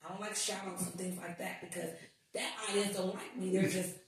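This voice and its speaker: A woman guest on a podcast, telling stories in casual chat, animated and swearing as she acts out what people said. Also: fairly low pitch, a little fast. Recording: echoey room, distant mic.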